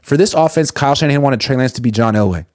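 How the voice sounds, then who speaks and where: A man's voice: mid-range voice, racing, darkish tone, no echo, clean studio sound. A man hosting a casual sports live stream, reading viewer comments aloud and answering them bluntly, swearing now and then.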